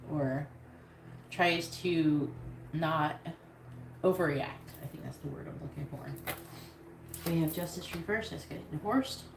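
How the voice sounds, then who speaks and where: Woman, tarot reader, low voice, casual and blunt, echoey room, background noise. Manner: casual, blunt, swears freely. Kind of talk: live tarot reading stream.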